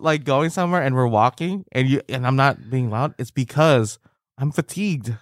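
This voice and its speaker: A young man in casual podcast chat, animated and quick to laugh, peppering his talk with "dude" and "like". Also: mid-range voice, dry recording, clean studio sound. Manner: animated, laughs often, says dude and like a lot.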